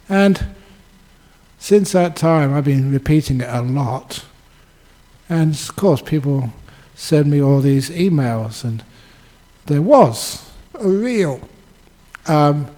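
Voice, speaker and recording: Mellow older monk giving a dharma talk. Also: male voice, a little high, poor audio. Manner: storytelling, chuckling, lively. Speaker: Buddhist monk teacher. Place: Buddhist centre.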